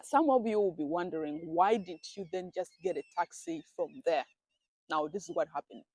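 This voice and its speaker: A woman's voice: on the low side, normal speed, darkish tone, no room sound. A woman telling a casual storytime vlog, chatty and dramatic, often talking to herself. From grew up in a village abroad. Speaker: vlogger.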